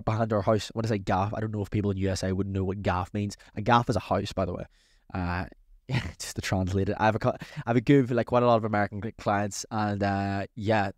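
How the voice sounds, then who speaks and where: A man hosting a casual advice podcast as a coach, talking in an energetic, chatty, motivational way. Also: lowish voice, dry recording, clean studio sound.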